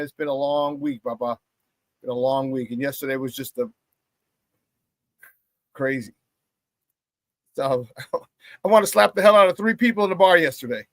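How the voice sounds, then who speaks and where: A man hosting a sports talk show, telling a story in a casual, animated rant. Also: high voice, dry recording. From Chicago area. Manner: animated storytelling, quick voice changes for quoted people.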